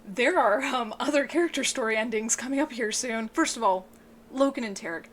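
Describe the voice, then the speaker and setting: An excitable woman giving an emotional, casual book review, swearing often and sounding tearful. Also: fairly quick, slight background noise. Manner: excitable, swears a lot, voice breaks into high yelps.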